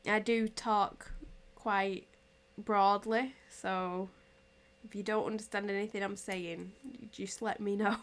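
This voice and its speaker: A woman's voice: mid-range voice, fairly even intonation, slow pace. A woman from England with a strong regional English accent, chatting casually through a knitting tutorial and laughing easily. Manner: chatty, laughs easily, answers chat as she knits.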